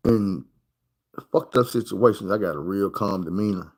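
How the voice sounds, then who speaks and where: A streamer with a lowish voice tells a story casually in loose, profane street talk, animatedly acting out the people in it. He talks at a normal speed, and the recording is low quality.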